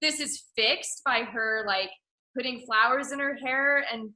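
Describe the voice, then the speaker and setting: Animated woman in an echoey room. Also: on the high side, unhurried. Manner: impassioned, acts out characters in loud mock voices. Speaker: film podcast co-host. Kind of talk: casual film discussion. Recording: roomy echo.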